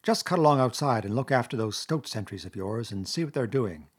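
A calm, sturdy badger leads his friends with placid authority in a storybook reading, as a man puts him on. His husky voice stays steady and firm. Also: mid-range voice, a little fast. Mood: commanding. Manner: placid, commanding. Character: calm, gruff male badger leader.

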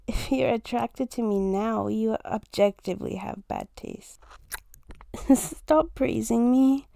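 A young woman talks to her partner in a casual romantic role-play, teasing and playful, swearing easily and laughing often. Her voice sits slightly high, with a gravelly fry and a warm, mellow tone, and she takes her time. The sound is dry and close, with no room around it. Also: takes it slowly, no room sound. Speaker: fiancée in a listener role-play.

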